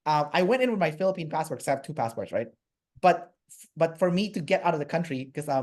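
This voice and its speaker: A man from Canada, a guest in a casual interview, telling a travel story with many fillers and restarts. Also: on the high side.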